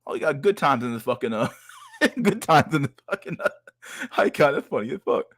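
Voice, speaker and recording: A man's voice: mid-range voice, animated, a little fast, a bit bright, no room sound. A man hosts a casual livestream and reacts to clips in a loose, profane rant. He trips over repeated words and keeps tossing in "dog". His mid-range voice sounds dry and close to the mic. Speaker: streamer host.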